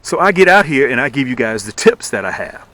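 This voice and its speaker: A man hosting his fishing channel outdoors on a lake, pointing things out and pitching his own lures, sometimes dropping to a near-whisper. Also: a little fast, dry recording. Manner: animated, repeats "look at that", drops to near-whisper at times. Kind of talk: outdoor vlog with product pitch.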